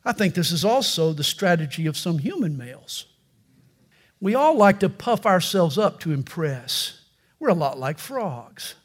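A male pastor preaching a sermon, with animated storytelling and touches of humor. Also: fairly high pitch, unhurried, husky.

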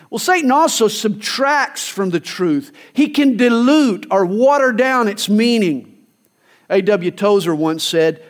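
A male pastor preaching a sermon, emphatic, telling stories and acting out quoted lines. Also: high voice. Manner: emphatic, storytelling with acted quotes.

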